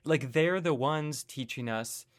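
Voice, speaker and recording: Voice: mid-range voice, no echo, clean studio sound. An interviewer in casual conversation who backs up the guest and adds reflections. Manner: supportive, quick backchannels.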